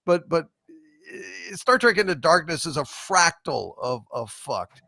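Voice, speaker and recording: Gravelly, animated male show host. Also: a little high, measured pace, no room sound, clean studio sound. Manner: blunt, profane and joking. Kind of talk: casual livestream chat reading super chats.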